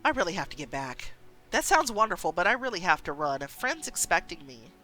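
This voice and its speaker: A woman's voice: lowish voice, very animated, fairly quick, sharp tone, soft background music, rough recording. A woman voicing a tough young heroine with breathless, exclaiming lines. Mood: hurried.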